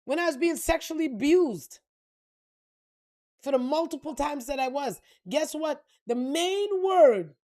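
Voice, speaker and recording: A woman's voice: high voice, animated, a little slow, warm tone. A woman spiritual reader ranting to camera in a blunt, profane, heated way. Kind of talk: unscripted rant to camera.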